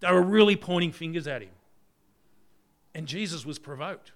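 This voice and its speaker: A man preaching a conversational sermon, leaning on rhetorical questions and swinging between loud and soft. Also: on the high side, moderate pace.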